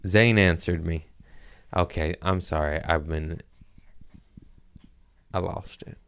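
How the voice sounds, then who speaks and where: A male comedian hosts a podcast in casual, joke-filled chat, rambling loosely and slipping into goofy put-on voices. His voice is low, smooth and clean, with a steady tone and slow pace.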